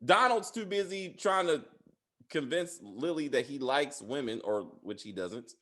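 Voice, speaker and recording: A man's voice: on the high side, expressive, unhurried, sharp tone. A man hosting a casual TV spoiler review, rambling and profane with lots of filler words. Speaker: show host reviewing TV episodes.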